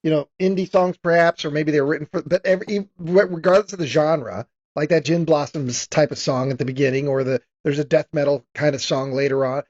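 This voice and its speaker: A man's voice: on the high side, fairly even intonation, a little fast, few pauses, darkish tone. Easygoing man on a dull, lo-fi mic. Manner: easygoing, stumbling over words. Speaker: podcast co-host. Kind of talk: casual movie chat.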